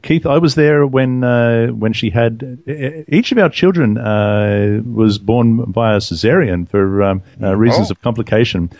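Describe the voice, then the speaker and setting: A man co-hosting a scripture talk, reading passages slowly and deliberately, then chatting casually. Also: mid-range voice, darkish tone, no echo, muffled recording.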